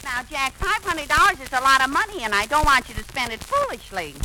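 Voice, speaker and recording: A woman's voice: sits high, sing-song, brisk, bright, forceful tone, full character voice, low-quality recording. An actress playing a bossy, scheming young woman in a 1940s radio comedy, brash and theatrical. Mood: wheedling. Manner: brash, theatrical, flustered when caught out. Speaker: comic lead. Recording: hissy 1940s radio recording.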